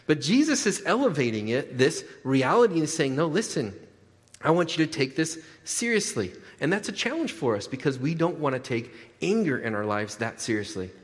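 A man preaching a sermon as a pastor, animated, often repeating his words and checking in with the congregation. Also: on the high side, normal speed. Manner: animated, repeats words, asks the crowd "right?". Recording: long hall reverb.

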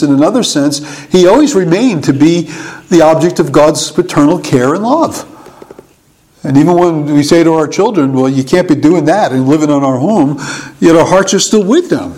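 A middle-aged man teaching in a conversational sermon, musing and halting with small chuckles. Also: a little high, a little mellow, poor audio. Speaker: preacher.

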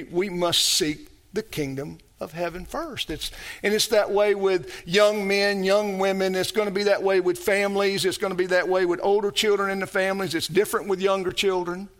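A man preaching a sermon as pastor, emphatic and repetitive, building his phrases up to shouts. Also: high voice.

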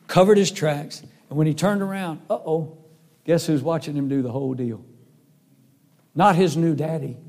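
Preacher man, earnest folksy storyteller, gravelly and mellow, big reverb. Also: a little high. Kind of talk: sermon with storytelling. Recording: long hall reverb.

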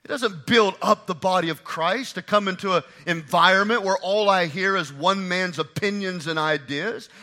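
A man preaching a sermon, driving home repeated phrases and swinging from hushed lines to shouted ones. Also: high voice, moderate pace, hardly any pauses. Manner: repeats and drives key phrases.

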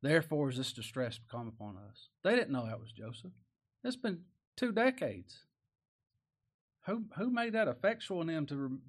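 Emphatic man preaching a sermon. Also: breathy edge. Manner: plain-spoken, rising to loud emphatic peaks then dropping low; reads old-style scripture verses aloud.

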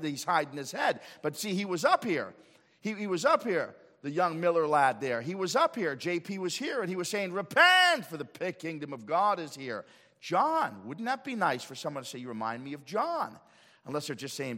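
Dynamic preacher man in a reverberant church. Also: a little high. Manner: dynamic preaching, swings from loud to hushed. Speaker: pastor. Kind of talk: sermon. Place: church sanctuary.

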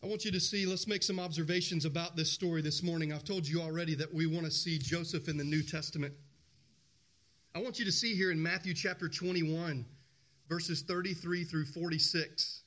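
A man's voice: a little high, steady tone, a little fast, fairly bright tone. A male pastor preaching a sermon, emphatic, repeating phrases and asking the congregation questions.

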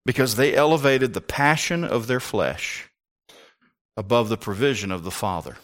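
A man preaching a sermon with passion, rising to near-shouts and firing rhetorical questions at the congregation. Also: medium pitch, moderate pace. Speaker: pastor.

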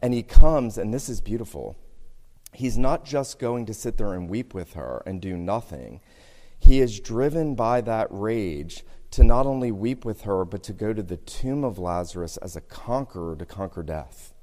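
A man preaching a sermon, moving between loud emphatic lines and hushed, slowed passages. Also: lowish voice, lively intonation. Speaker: pastor. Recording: hall reverb, sermon in a church.

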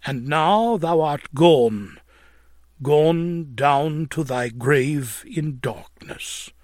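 A man's voice: on the high side, lively intonation, very slow, a little mellow, no room sound, studio quality. A man narrating an old religious tract in a solemn, mournful, preaching manner, swelling at points of emphasis.

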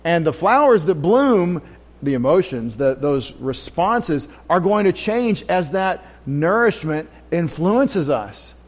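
A man's voice: on the high side, sing-song, takes it slowly. A man teaching a Bible study in a conversational, storytelling way, often asking his listeners questions. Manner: conversational, anecdotal, asks the audience questions. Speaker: pastor. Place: church.

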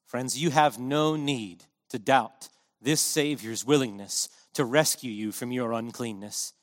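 A man's voice: medium pitch, measured pace, long reverb tail. A man preaching a sermon in an earnest, impassioned way, driving his points home with emphatic repetition.

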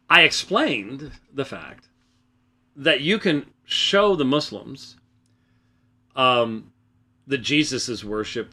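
Emphatic, lively man hosting alone. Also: mid-range voice. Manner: emphatic, loud, keeps restarting sentences. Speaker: host of a religious debate program. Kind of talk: solo spoken commentary. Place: small room, away from the usual studio. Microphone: microphone close by.

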